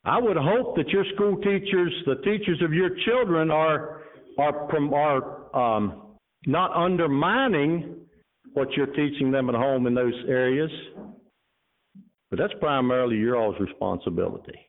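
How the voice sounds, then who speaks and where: A man's voice: on the high side, measured pace. A man preaching a sermon to his congregation, mixing earnest exhortation with casual asides, then reading a story aloud. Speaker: pastor. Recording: tinny phone-like sound.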